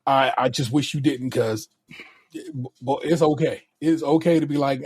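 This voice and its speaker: Man, podcast co-host, casual, reassuring, husky, mid pitch. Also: fairly even intonation, moderate pace, a little mellow, no echo. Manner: laid-back, reassuring, stumbles over words. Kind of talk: casual chat.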